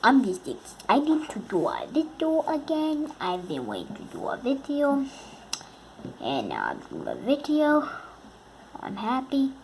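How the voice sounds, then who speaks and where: A woman's voice: a little high, a little mellow, a little hiss or hum. A woman giving casual, playful gameplay commentary to her viewers, goofing around and humming little sound effects. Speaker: gaming video creator.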